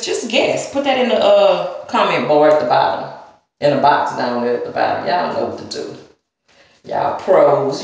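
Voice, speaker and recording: A woman from the Southern US with a Southern accent, rambling casually through a hair-care vlog and talking straight to her viewers. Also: lowish voice. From Southern United States. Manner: chatty, talks straight to viewers with y'all and girl. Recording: very echoey room.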